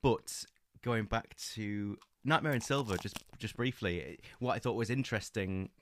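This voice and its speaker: A man co-hosts a podcast, enthusiastically chatting about books in a casual book-club style full of fillers and restarts. His voice is on the low side, with a moderate pace and slight background noise.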